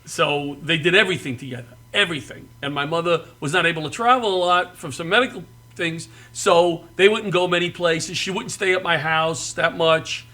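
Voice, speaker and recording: A middle-aged man from the New York area telling comic family stories, animated and often laughing and yelling. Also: a little high, normal speed. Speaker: guest comedian. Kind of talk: comic storytelling.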